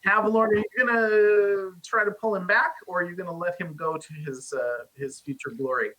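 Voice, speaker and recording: A man's voice: high-pitched, steady tone, normal speed, sharp tone, poor audio. A man narrating a tabletop game as game master, rambling with many fillers.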